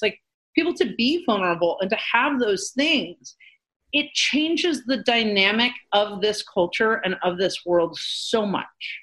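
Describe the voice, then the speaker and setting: A woman co-hosting a podcast as a paranormal researcher, speaking earnestly in animated, quick bursts. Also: mid-range voice. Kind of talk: casual podcast discussion.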